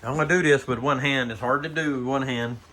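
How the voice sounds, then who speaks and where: A man's voice: mid-range voice, fairly even intonation, fast, sharp tone. A man with a Southern US accent giving a rambling, folksy tour of his model railroad layout, filming it himself on a handheld phone. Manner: folksy and rambling, with fillers and 'but anyhow'. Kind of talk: casual layout tour video. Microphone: handheld phone camera while filming.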